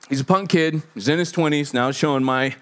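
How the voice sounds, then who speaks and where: A man in his forties, a pastor telling a personal story in a sermon, conversational and self-deprecating, acting out the voices in his story. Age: 40s. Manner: animated, acts out quotes with big pitch jumps.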